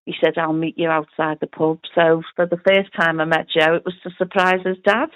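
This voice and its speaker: A woman's voice: low-pitched, flat delivery, normal speed. A middle-aged woman with a Liverpool accent, telling her family story in an interview, chatty and full of quoted dialogue. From Liverpool, England. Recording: tinny phone-like audio.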